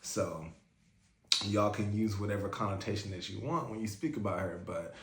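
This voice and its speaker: A man's voice: lowish voice, normal speed, a bit bright. A man hosting a casual album reaction, talking in a chatty, fan-like way with lots of fillers. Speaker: music reaction host. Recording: roomy echo, faint music.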